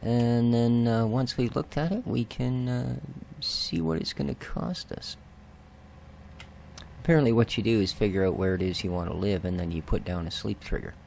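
Casting note: middle-aged Canadian man with a Canadian accent, a lower voice with a gravelly edge, unhurried let's-play chatter. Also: slight background noise. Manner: slow, chatty and self-joking, drifting to soft mutters. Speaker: gaming video host. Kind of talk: casual let's-play commentary.

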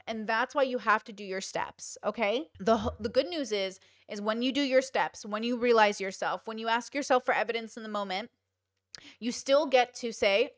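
A young woman talks straight to her listeners in an emphatic, casual way, stressing her points by repeating them. Her voice sits a little high, and the sound is dry and close, with no room echo. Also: expressive, normal speed. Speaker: podcast host. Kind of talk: casual advice talk.

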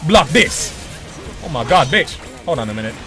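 A young man commentating his own online match with excitable, profane trash talk. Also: fairly high pitch, moderate pace, over music. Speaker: gaming channel host. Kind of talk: live gameplay commentary.

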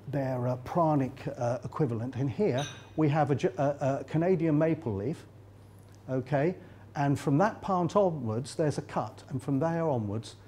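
A man's voice: mid-range voice, mellow. Chatty older Englishman giving a lecture. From England. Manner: chatty and joking, many fillers. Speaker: conference lecturer. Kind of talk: live conference lecture with slides. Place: conference hall.

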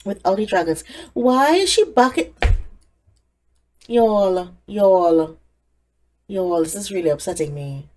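A woman's voice: medium pitch, animated, slow pace, long pauses, darkish tone. A woman giving casual let's-play commentary, chatting away and talking to the game characters. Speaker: gaming creator.

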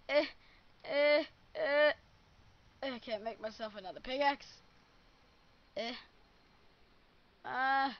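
A woman's voice: on the high side, fairly bright tone, lo-fi sound. A woman recording live gameplay commentary at her computer, muttering frustrated complaints. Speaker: gamer recording a let's play.

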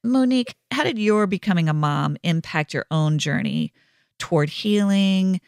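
Woman host, reflective and affirming, smooth tone, dry close sound. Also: mid-range voice, moderate pace, a little mellow, no room sound. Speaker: podcast host. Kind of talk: conversational interview.

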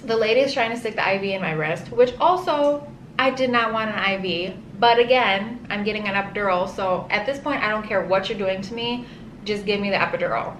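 Woman, casual storyteller, animated and dramatic, filler-heavy, mid-pitched, echoey room with faint hiss. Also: brisk. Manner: animated, dramatic, says "like" often. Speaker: vlogger telling her birth story. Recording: roomy echo with faint ambient hiss.

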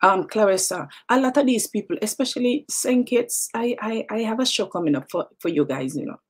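A woman's voice: medium pitch, lively intonation, fairly quick, husky. A middle-aged woman with a Jamaican accent hosting a talk show, chatting and teasing in a casual monologue that mixes in patois and repeats words.

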